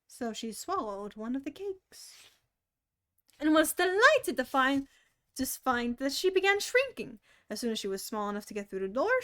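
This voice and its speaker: A woman reading a children's book aloud on a stream in an expressive, animated way. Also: high voice. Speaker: storyteller.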